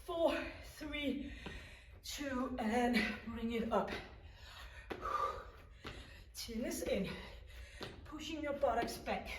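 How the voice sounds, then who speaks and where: A woman's voice: fairly high pitch, extremely slow, pauses often, noisy background. A woman leading a home workout, counting down reps and encouraging the listener as she coaches. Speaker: fitness instructor. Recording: echoey room, mic at a distance.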